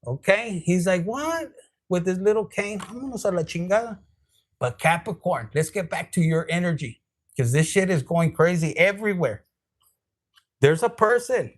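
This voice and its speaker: Sassy, high-voiced man. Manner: profane, sassy and rambling. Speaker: tarot reader. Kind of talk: casual tarot reading.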